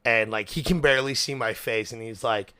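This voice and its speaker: A young man hosting a casual podcast chat, animated, with lots of fillers, restarts and swearing. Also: medium pitch, fairly quick, smooth, no room sound. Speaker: podcast host.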